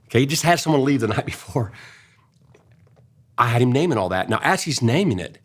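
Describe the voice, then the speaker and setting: An older man, telling an earnest personal story in a casual way, going soft and hushed when he quotes his own gentle words. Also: medium pitch, very animated, fairly quick. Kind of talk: casual storytelling in a faith-based talk.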